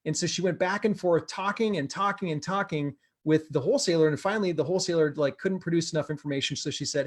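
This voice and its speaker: A man with a slightly high voice talks fast, barely pausing. As host of a real estate investing group, he tells a member's success story to camera with motivational energy, repeating words for emphasis.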